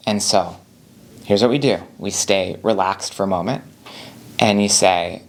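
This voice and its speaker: A man who works as a doctor and anxiety coach, giving a casual instructional talk in a calm, unhurried and reassuring way that leans on repetition. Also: lowish voice.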